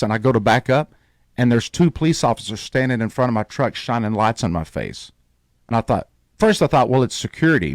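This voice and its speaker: Male radio host, lively storyteller, dry close mic. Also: medium pitch, dry recording. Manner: animated storyteller, acts out quoted voices.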